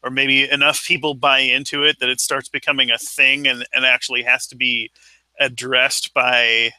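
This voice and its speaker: Podcast cohost guy, really bright sharp voice, careful and hedgy, dry sound. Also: mid-range voice, level tone, no echo, poor audio. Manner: measured, hedging with fillers. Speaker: podcast co-host. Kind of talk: casual chat.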